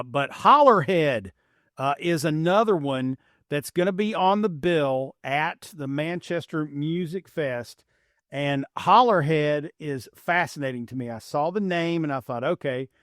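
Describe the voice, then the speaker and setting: A middle-aged man from Appalachian Kentucky with a light Kentucky twang, hosting a podcast in a relaxed, rambling, self-deprecating way. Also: a little high, no room sound, clean studio sound. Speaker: podcast host. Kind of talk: casual podcast chat.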